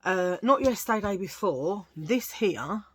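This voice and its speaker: A woman's voice: medium pitch, expressive, measured pace, fairly bright tone, slightly rough, dry recording. A woman with a Cockney accent, chatting casually to her channel viewers and telling jokey stories full of asides. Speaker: vlogger. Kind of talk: casual chat. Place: at home, sitting under a lamp.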